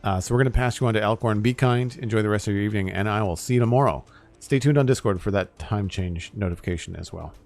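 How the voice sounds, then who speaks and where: A man chatting casually while streaming a building game, relaxed and rambling with frequent ums and uhs. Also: lowish voice, quick pace, vocal fry. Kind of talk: casual live-stream chat.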